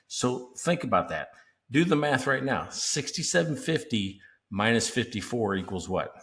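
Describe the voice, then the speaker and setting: A man's voice: medium pitch, very animated, normal speed, fairly bright tone. A man co-hosting a business podcast, talking emphatically and walking through pricing examples like a seminar teacher. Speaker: podcast co-host. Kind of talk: casual podcast chat.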